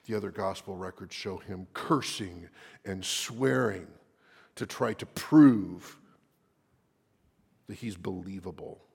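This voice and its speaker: A man preaching a sermon dramatically, at times dropping into a hushed whisper for emphasis. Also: low voice, slow pace, gravelly, pauses often, husky.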